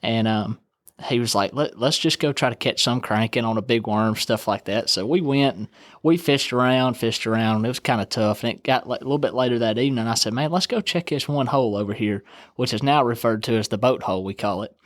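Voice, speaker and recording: A man's voice: mid-range voice, brisk, no echo. Young male guest, easygoing storyteller who acts out the quotes, dry close mic. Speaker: guest angler telling a fishing story. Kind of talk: casual storytelling.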